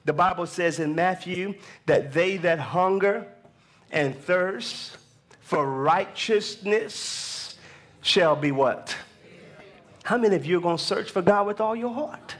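Guy in his 30s preaching, pretty high voice, goes from quiet storytelling to shouting it out. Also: slow pace. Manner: call-and-response preaching, swinging from hushed storytelling to raised exhortation. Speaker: pastor. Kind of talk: sermon.

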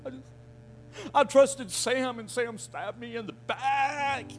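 A man preacher voicing a self-pitying man who whines and complains in prayer, drawn-out and plaintive. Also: very high voice, a little hiss or hum. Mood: whining.

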